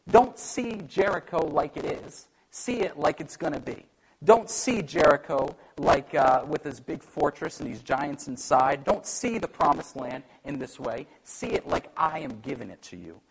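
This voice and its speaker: A man preaching a sermon in an animated way, acting out the voices he quotes and joking about himself. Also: fairly high pitch, unhurried, creaky, a little hiss or hum, rough recording. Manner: animated, acts out quoted voices, self-deprecating humor. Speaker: pastor.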